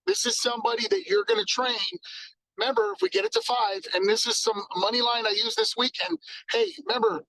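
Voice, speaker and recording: A man giving an energetic sales training talk, acting out exchanges with customers. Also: extremely high pitch, fairly quick, creaky, no echo, poor audio.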